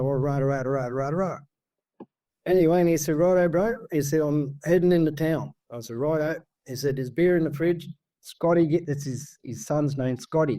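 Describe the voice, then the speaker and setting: An Australian man telling a story in a rambling, lively way, full of asides. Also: fairly high pitch, no room sound. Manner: rambling, animated, full of asides like "see?" and "mate". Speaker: guest storyteller. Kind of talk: casual storytelling.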